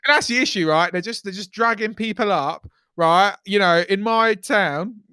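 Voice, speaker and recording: A man co-hosting a podcast, ranting in a deadpan, mock-paranoid way with plenty of swearing. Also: high-pitched, normal speed, clear, resonant tone, no room sound, clean studio sound. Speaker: podcast co-host. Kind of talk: casual comedic chat.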